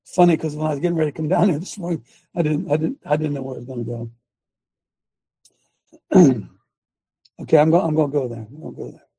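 A man's voice: a little high, fairly even intonation, fast, creaky, pauses often, dark tone, breathy edge, no echo. A man hosting a live show, talking emphatically like a preacher and calling out instructions to his producer. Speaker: host.

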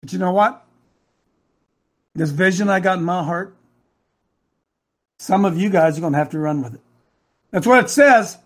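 A man in his sixties preaching a sermon, impassioned and emotional, swinging from hushed lines to shouted ones. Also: high voice, normal speed, long pauses. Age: 60s. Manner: emotional, close to tears.

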